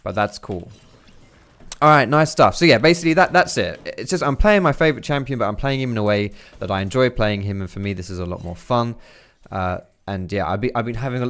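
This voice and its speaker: A young man giving casual, swearing gameplay commentary, chatty and quick to laugh. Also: medium pitch, animated, fairly bright tone. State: out of breath. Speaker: gaming commentator.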